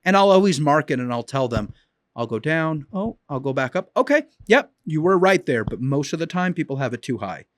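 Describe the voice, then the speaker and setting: A man's voice: mid-range voice, expressive, a little fast, no room sound, clean studio sound. A man teaching as a dog trainer in an instructional video, talking emphatically and repeating key points.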